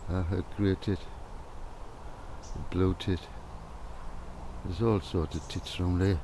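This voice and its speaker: A man vlogging outdoors, speaking slowly and softly as he muses to the birds around him. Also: deep voice, flat delivery, background noise. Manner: slow, soft-spoken musing to birds. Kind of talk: outdoor walking vlog. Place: outdoors in the countryside.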